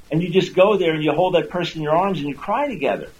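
A man's voice: fairly high pitch, quick pace, hardly any pauses, slight background noise, rough recording. A man hosting a radio talk show, earnestly teaching listeners and repeating words as he builds each point. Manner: acts out quoted speech in a raised voice. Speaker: radio host and Christian apologist.

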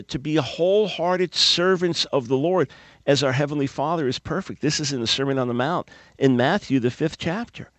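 A man's voice: on the high side, dry recording. A man hosting a radio talk show, teaching from the Bible in an emphatic, preacherly way and repeating key words.

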